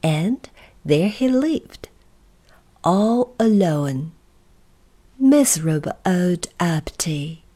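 Slow, expressive woman reading a storybook. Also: on the low side. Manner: expressive, dramatic pauses, breathy asides. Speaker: narrator.

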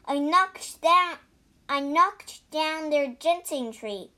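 A woman's voice: sits high, lively intonation, takes it slowly, bright, forceful tone, pitched above the performer's own voice, full character voice. A woman voicing a bold, clever male monkey spirit who speaks with confidence. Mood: confident. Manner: confident, reassuring.

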